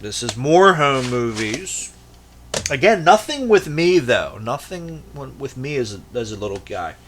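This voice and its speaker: Guy going through his vhs tapes, bright forceful voice, rambly and sweary, mid pitch. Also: big pitch swings, a little slow, slight background noise. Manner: rambling, profane and jokey. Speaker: VHS collector vlogger. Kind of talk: casual show-and-tell.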